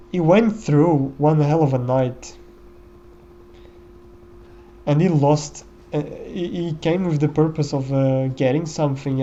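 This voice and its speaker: Slow, mellow-voiced man musing over gameplay. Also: mid-range voice, lo-fi sound, a little hiss or hum. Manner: reflective, musing, often says "you know". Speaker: gameplay commentator. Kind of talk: casual gameplay commentary.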